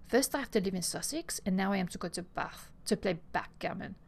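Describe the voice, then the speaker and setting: A woman's voice: mid-range voice, expressive, fairly quick, gravelly. A woman reading the part of a dramatic, morbid eighteen-year-old French girl in a breathless, theatrical way. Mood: mournful.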